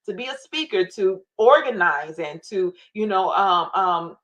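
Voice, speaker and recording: A woman's voice: medium pitch, expressive, a little slow, fairly bright tone, dull audio. A woman guest telling her personal faith testimony with feeling, acting out her own prayers and quoting scripture. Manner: emotional, acts out her own prayers and inner voice; faith-based, quotes scripture.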